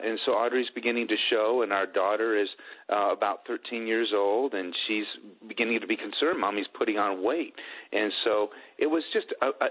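Earnest middle-aged man on a phone-like line. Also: on the low side. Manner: earnest, halting, with many restarts. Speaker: guest telling his family story. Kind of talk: emotional personal testimony.

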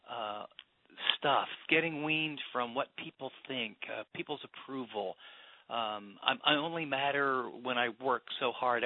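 Middle-aged male pastor guest, earnest and reflective, many restarts, average pitch, phone-line sound. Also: no echo. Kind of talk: radio interview conversation.

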